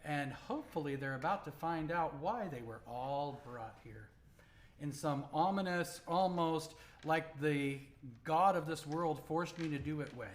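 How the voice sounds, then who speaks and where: Male game master, measured descriptive narration, voice slightly high.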